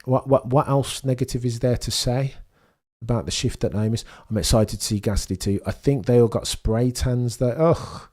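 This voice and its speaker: A man's voice: medium pitch, moderate pace. A man hosting a live stream before a race, chatting casually with viewers, with a stuffy nose as he recovers from illness. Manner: chatty, banters with chat, bursts of excitement. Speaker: live-stream host reading chat.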